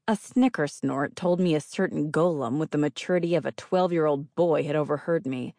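A woman's voice: sits low, a little fast, few pauses, dark tone, no room sound. A woman narrating first-person fiction as an audiobook reader, with a wry, dry delivery.

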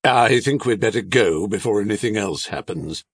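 A man's voice: on the low side, expressive, moderate pace, breathy edge, no echo, studio quality. A man voicing a nervous, hesitant middle-aged father who hems and haws. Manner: hesitant, stammering fillers.

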